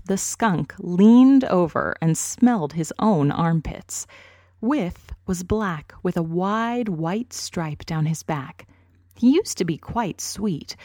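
Woman reading a kids' story, slow and low-pitched, dry close sound. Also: no room sound. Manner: slow, clear, expressive reading. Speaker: narrator.

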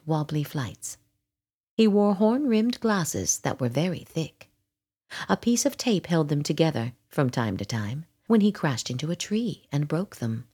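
Slow, lilting woman reading a storybook. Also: sits low, slightly rough. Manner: gentle and expressive, lilting. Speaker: narrator. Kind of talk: storybook read-aloud.

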